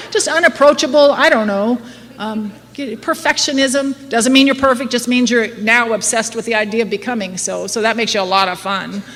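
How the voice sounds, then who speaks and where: A woman's voice: a little high, normal speed, a bit bright. A middle-aged woman giving a candid, self-mocking recovery talk to a live audience, laughing often. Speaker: AA speaker. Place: meeting hall before an audience. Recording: live hall with long reverb, faint noise.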